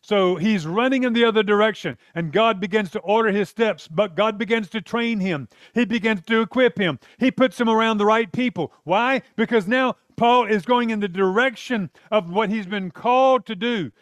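A man with a high voice preaching a sermon. He talks earnestly and conversationally, mixing asides and light laughs into his message. The sound is dry and close, with no room echo. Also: moderate pace, hardly any pauses.

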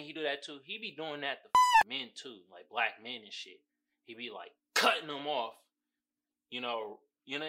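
Male podcast host, animated casual monologue with a bright tone and lively pitch, slangy and profane. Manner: animated, swings from low muttering to loud exclaiming; slangy, profane, laughs at his own points. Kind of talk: casual solo commentary.

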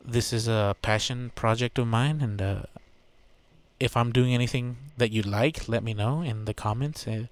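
A man's voice: mid-range voice, moderate pace, dry recording. Profane joking male podcast host. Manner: profane, joking, loose and rambling. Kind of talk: casual solo podcast chat.

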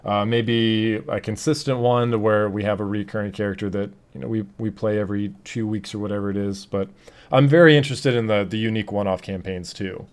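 A man's voice: on the low side, fairly even intonation, fairly quick, smooth. A man hosting a casual podcast, talking loosely with many fillers and restarts. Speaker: podcast host. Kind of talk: casual chat.

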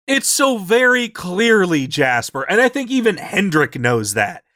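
A man co-hosting a podcast, casually recapping a tabletop game session and acting out the characters' lines in quick, animated asides. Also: sits high, dry recording, clean studio sound. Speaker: podcast co-host.

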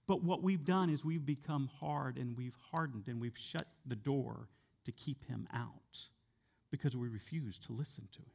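A male pastor preaching a sermon in a conversational way, sometimes dropping soft and slow for emphasis. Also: medium pitch, creaky. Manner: conversational with fillers and repeated words.

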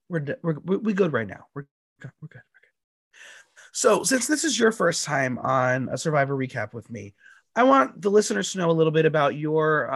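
Male podcast host, hoarse from allergies, gravelly and animated, recorded dry. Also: on the high side, dry recording. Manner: animated and chatty. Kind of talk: casual podcast chat.

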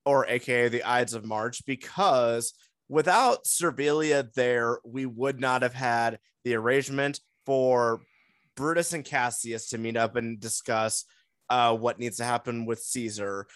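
A man's voice: medium pitch, unhurried, fairly bright tone, no room sound. Man talking, dry close sound. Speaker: podcast co-host. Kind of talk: casual chat.

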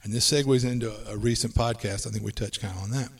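Male podcast host, brisk list-driven delivery, sits a bit back from the mic. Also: medium pitch, fairly even intonation, far from the mic. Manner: brisk, runs through lists of tips. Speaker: podcast host giving tabletop game advice. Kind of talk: casual podcast chat.

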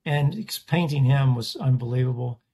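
A man's voice: mid-range voice, normal speed, mellow, breathy edge. A man, a portrait artist, chatting casually in an interview and rambling through stories with frequent restarts. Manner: rambling, self-correcting storyteller.

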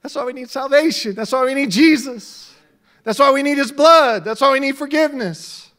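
A middle-aged male pastor preaching a sermon, swinging from quiet talk to loud shouts. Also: extremely high pitch, moderate pace.

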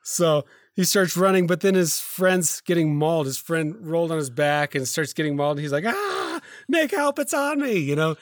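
Halting, filler-heavy man telling a story. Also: a little high, steady tone, no echo, clean studio sound. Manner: rambling, halting retelling with many fillers and self-corrections. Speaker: podcast co-host. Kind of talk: casual storytelling chat.

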